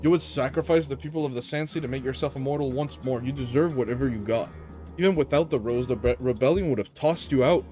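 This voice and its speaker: A man's voice: medium pitch, fast, darkish tone, soft background music, lightly acted. A man reading the lines of a blunt, determined young male hero in a game. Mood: stern.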